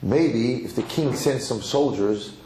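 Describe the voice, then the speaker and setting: A man giving a lively Torah lecture as a rabbi, emphatic and given to repeating words as he builds to a story. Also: mid-range voice, slow pace. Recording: roomy hall with faint noise.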